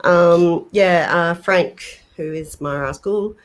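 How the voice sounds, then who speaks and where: A woman co-hosting a casual livestream on her laptop, talking slowly and drifting into a put-on English accent. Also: fairly low pitch. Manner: slow, drawn-out, slips into a put-on English accent. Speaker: co-host of a paranormal livestream. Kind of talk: casual chat. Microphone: laptop webcam.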